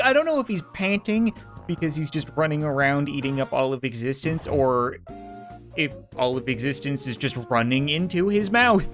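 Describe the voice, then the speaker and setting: A man's voice: on the high side, fairly bright tone. A man doing comedic let's-play commentary, sarcastic and mock-indignant, laughing often. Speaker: gaming YouTuber.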